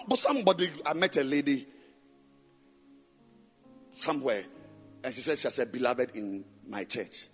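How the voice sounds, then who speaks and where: A man preaching a sermon in a church on a microphone, emphatic and rhetorical, firing repeated questions at the congregation and swinging between loud sing-song chanting and low murmurs. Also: expressive, moderate pace, long pauses, breathy edge, soft background music. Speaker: pastor.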